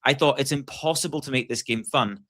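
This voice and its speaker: A man's voice: mid-range voice, brisk, fairly bright tone, dry recording, clean studio sound. Enthusiastic Scottish man chatting. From Scotland. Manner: enthusiastic, rambling with restarts and swearing. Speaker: podcast co-host. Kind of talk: casual chat.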